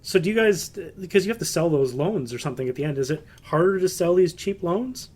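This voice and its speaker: A man's voice: on the high side, expressive, a little fast, a little mellow. A man from Canada hosting a podcast, asking hesitant, meandering questions. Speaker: podcast host. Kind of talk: casual podcast interview.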